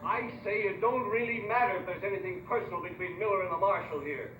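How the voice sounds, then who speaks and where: A man's voice: sits high, fast, lightly acted. An actor playing an argumentative townsman who complains at a town meeting. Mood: grumbling. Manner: grumbling, argumentative. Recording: roomy, distant old film sound with hiss.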